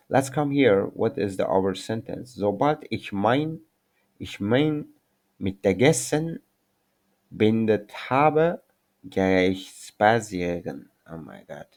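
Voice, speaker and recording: Male tutor, low voice, unhurried and self-correcting, casual lesson. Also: darkish tone. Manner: halting, self-correcting, apologetic non-native English. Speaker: language teacher. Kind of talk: informal screen-share language lesson.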